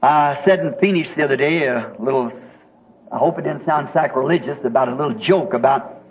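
Southern preacher on tinny old tape. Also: male voice, medium pitch, a little hiss or hum. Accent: Southern American. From American South. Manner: homespun, chuckling, drawn-out storyteller. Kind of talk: folksy storytelling sermon. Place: church meeting.

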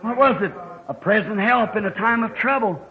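Fervent high-voiced preacher, old lo-fi tape. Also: male voice, normal speed. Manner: fervent, rising to shouts in stories. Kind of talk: sermon.

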